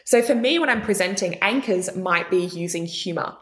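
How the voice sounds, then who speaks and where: A young adult woman speaking as a guest coach in a podcast interview, animated and expressive, shifting her pitch for emphasis. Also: moderate pace.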